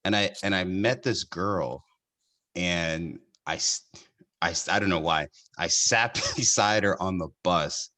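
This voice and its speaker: Male podcast host, very deep voice, chatty storyteller who laughs readily. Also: measured pace, bright, forceful tone. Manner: storytelling, laughs often, restarts sentences. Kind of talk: casual chat.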